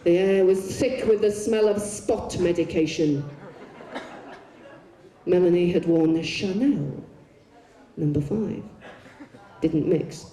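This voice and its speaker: A woman telling bawdy, swearing stories on a concert stage, with deadpan comic asides. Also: fairly low pitch, slow, long pauses. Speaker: poet performing on stage. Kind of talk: live stage storytelling. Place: large concert arena on stage. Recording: echoey arena heard from far off.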